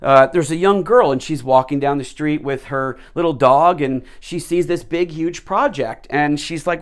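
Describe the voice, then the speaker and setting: A man explaining a leadership model through everyday stories, with a voice that sits slightly high. He talks in an animated way, often repeating words as he rephrases. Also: normal speed, few pauses. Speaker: leadership teacher. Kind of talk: explanatory storytelling talk.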